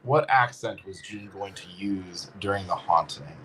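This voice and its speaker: A man's voice: sits low, unhurried, a bit bright, low-quality recording. Playful man reading quiz questions. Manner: reads questions, playful banter. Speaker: quizmaster and co-host. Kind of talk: casual live-stream chat.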